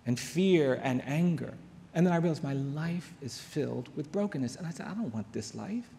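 A man's voice: mid-range voice, gravelly, mellow. Earnest man speaking in a large hall. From United States. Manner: earnest, with long pauses and repeated phrases. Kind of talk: storytelling talk.

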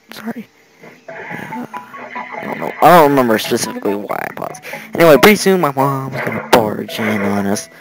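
American teen boy for let's play commentary, lively rambling delivery, gravelly edges, faint game music behind. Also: mid-range voice, rough recording. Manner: rambling, chatty asides, giggly.

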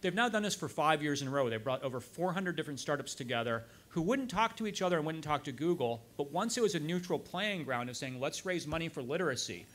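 Male guest speaker, slightly higher voice, anecdotal storyteller at a club event. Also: fast talker, hardly any pauses. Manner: anecdotal, quoting others in lively asides. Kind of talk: storytelling talk.

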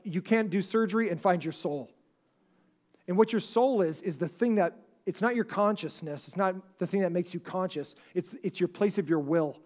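A man's voice: high-pitched, a little mellow. A man preaching a sermon as pastor, talking conversationally with many restarts and asking the congregation questions. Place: church service before a congregation.

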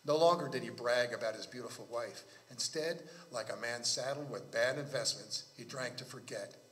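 A man reading his own novel aloud at a library book talk, in a measured storytelling cadence. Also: medium pitch, fairly bright tone.

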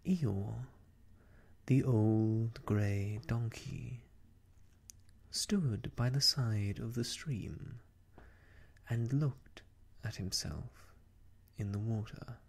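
A man reading a children's story aloud as an ASMR storyteller, in a soft, halting whisper. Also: lowish voice. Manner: soft, halting, breathy phrasing.

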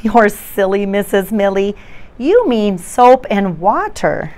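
A woman reading a storybook aloud, voicing a class of young children who correct their teacher in a slow, emphatic sing-song. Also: mid-range voice, expressive, darkish tone.

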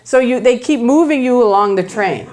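A woman's voice: fairly high pitch, moderate pace. A woman giving a public talk, telling stories and acting out the voices of the people in them. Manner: animated, acts out voices of others. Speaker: guest speaker.

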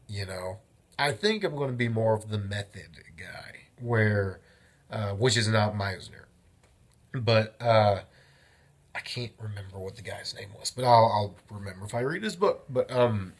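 Rambling husky young man vlogging. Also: on the low side. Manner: rambling, animated storytelling with self-interruptions. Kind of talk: casual vlog monologue.

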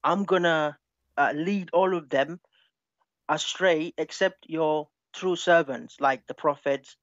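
A man's voice: a little high, fairly bright tone, no room sound. English-accented man, muffled dry line. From England. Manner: defensive, asks to explain, reads verses slowly. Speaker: debate caller. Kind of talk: online religious debate.

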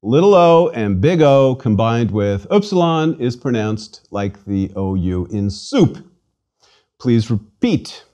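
A man's voice: mid-range voice, big pitch swings, slow pace, dark tone. A man giving a scripted pronunciation lesson, patient and repeating words for the listener to drill. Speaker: language lecturer. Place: studio.

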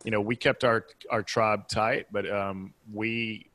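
A man from the United States speaking as a guest on a podcast, in a warm, casual way with frequent laughter, on a remote call. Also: on the low side, fairly even intonation, slow, no echo. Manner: warm, laughs often, calls the host brother. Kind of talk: casual chat.

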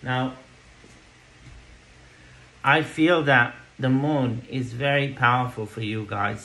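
A man's voice: mid-range voice, creaky, bright, forceful tone, poor audio. A man giving a tarot card reading to camera, reassuring, checking in with "okay?" and "yeah?" between thoughts. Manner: reassuring, repeats "okay?" often. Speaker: tarot reader.

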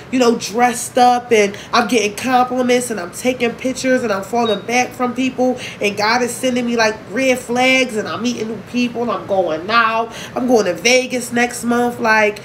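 A woman's voice: on the high side, fairly even intonation, slight background noise, low-quality recording. Candid, emotional young woman vlogging. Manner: candid, emotional, profane, fast-shifting. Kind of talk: emotional casual vlog talk.

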